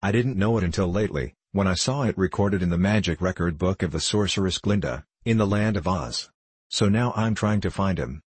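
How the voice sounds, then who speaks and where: A man reading a calm, kindly wanderer. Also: low-pitched, fairly quick, slightly rough, no echo.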